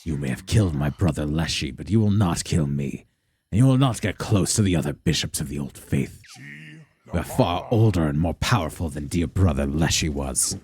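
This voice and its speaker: A man voicing an ancient, menacing bishop of an old faith in a game, speaking slowly and threateningly. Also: lively intonation, a little mellow, slightly rough, heavily acted. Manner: slow, deep, threatening proclamation.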